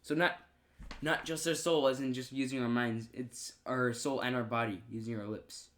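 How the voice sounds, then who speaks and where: A man's voice: medium pitch, fairly even intonation, moderate pace, fairly bright tone. Hesitant young man reading aloud. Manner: hesitant, unsure with pronunciations. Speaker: podcast co-host.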